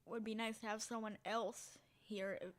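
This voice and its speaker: A woman's voice: a little high, fairly even intonation, normal speed. A woman reading a text game's story aloud with dramatic delivery, breaking off for short spoken asides and sometimes dropping into a whisper. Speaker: game streamer.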